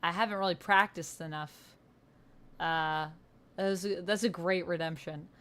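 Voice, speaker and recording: A woman's voice: on the low side, steady tone, moderate pace, fairly bright tone. A Canadian woman player chatting through a tabletop game livestream, rambling through anecdotes and laughing often.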